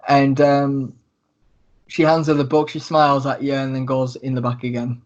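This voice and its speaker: A man's voice: mid-range voice, level tone, moderate pace. A man narrating as game master, hesitant with many fillers, on a dull lo-fi recording. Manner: hesitant, many ums and likes.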